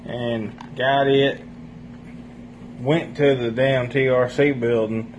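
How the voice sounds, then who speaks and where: A man's voice: medium pitch, fairly even intonation, takes it slowly, lo-fi sound, slight background noise. A man casually telling a rambling, profane story among friends. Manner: rambling, profane, laughs while telling stories.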